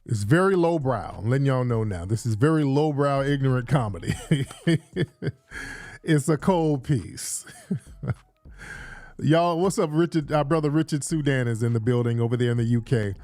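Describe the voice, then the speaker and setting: Recorded dry on a studio mic indoors in Los Angeles, this livestream host is chatty and keeps hyping things up, frequently repeating his phrases. His medium-pitched, darkish voice has lively intonation and a moderate pace.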